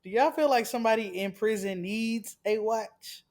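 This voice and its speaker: A man's voice: sits high, moderate pace. A man in a casual chat, playful and tossing out questions to the group.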